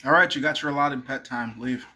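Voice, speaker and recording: A man's voice: medium pitch, quick pace, bright, forceful tone. A young man rambling casually to camera, swearing freely and talking to his dog between thoughts. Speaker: vlogger.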